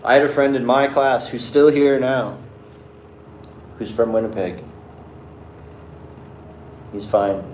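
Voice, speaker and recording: This young man from Canada chats casually with viewers, wandering through his answers with plenty of "like" and frequent restarts. He speaks slowly in a mid-range, slightly mellow voice, leaving long pauses. There's echo in the room and a bit of background noise.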